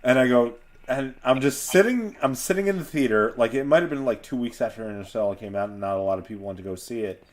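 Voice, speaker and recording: A man's voice: medium pitch, fast talker, hardly any pauses. A man streaming a game and chatting casually with friends, telling stories with lots of energy and laughter. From United States. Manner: animated, laughing storyteller.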